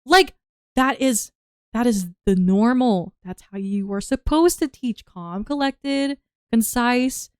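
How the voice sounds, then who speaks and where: Animated young woman ranting, voice worn. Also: fairly high pitch, slow, clear, resonant tone, dry recording, clean studio sound. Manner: rambling, animated storytelling with acted-out quotes. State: voice worn from shouting. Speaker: streamer and part-time teacher. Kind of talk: casual ranting vlog.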